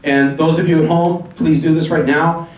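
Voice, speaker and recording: Man hosting town hall, slightly high voice, echoey hall, far from mic, rambling and urging. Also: fairly even intonation, a little mellow, a little hiss or hum. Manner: rambling, urging, spells out addresses slowly. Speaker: event host. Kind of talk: addressing a live town hall audience. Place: large hall with audience.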